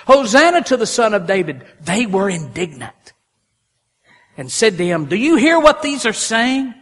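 A male pastor preaching a sermon in a folksy style, his voice swelling loud and then dropping soft. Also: sits high. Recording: long hall reverb.

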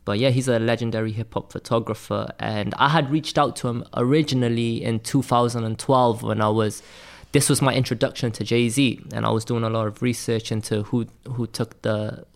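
In a mid-range voice with vocal fry and fairly even intonation, this graphic designer from Wales moves at normal speed with hardly any pauses. He tells stories in a loose, chatty interview, his light Welsh accent audible and "like" and "man" sprinkled everywhere.

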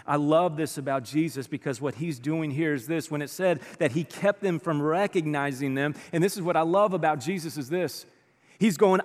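High-voiced preacher man in a reverberant hall. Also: moderate pace. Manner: animated storytelling, acting out quotes with sighs. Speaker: pastor. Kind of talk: sermon. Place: church auditorium. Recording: long reverb of a large hall.

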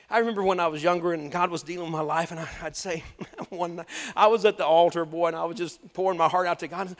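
A man preaching a sermon, swinging between loud bursts and hushed, close passages. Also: high-pitched, quick pace, in a large hall.

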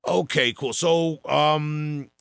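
Long island guy hosting a podcast, bright crisp voice, dry sound, easygoing and halting. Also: on the high side, fairly even intonation, no room sound. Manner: laid-back, halting, filler-heavy. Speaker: podcast host. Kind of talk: casual interview chat.

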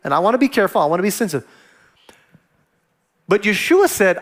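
Male pastor, sermon delivery, high and very animated, acts out the voices in his scripture stories. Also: fast. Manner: animated preaching, acts out quoted dialogue.

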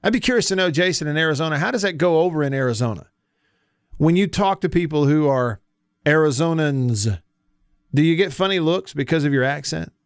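Southern male sports radio host, folksy, slightly high voice, dry studio sound. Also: lively intonation, brisk, clean tone, no room sound. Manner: chatty, folksy, reads listener texts aloud. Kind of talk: casual sports talk radio. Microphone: studio mic.

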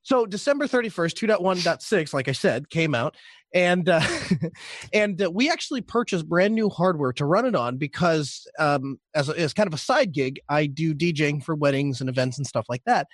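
A man's voice: on the high side, lively intonation, normal speed, no room sound. Rambling man on a dry mic. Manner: rambling, hesitant with fillers. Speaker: podcast co-host. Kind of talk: casual podcast chat.

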